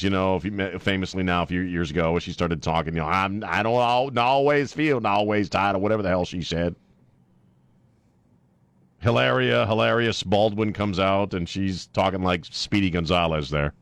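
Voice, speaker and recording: A man hosting a radio talk show, mocking and opinionated in a sarcastic, animated way. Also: sits low, no echo.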